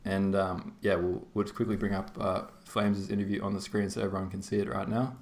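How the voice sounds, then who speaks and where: This Australian tournament caster has a deep, creaky voice with a level tone, speaking a little fast while hosting a game tournament stream. The casual chat rambles along with frequent laughter and fillers, captured with a roomy echo.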